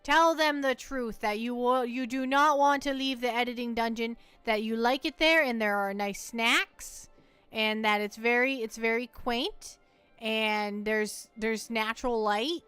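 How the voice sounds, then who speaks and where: Playful, smooth-voiced woman streamer. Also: on the high side, fairly even intonation, a little slow, fairly bright tone, no room sound, faint music behind. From United States. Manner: playful, chatty, teasing, repeats words as she talks. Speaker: livestreamer. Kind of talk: casual gameplay livestream chat.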